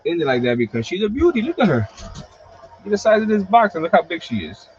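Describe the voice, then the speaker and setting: A man hosting a livestream, talking casually in an animated, profane storytelling style full of fillers. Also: sits high, fairly quick. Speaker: host of a wrestling collectibles livestream. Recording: slightly dull lo-fi stream audio.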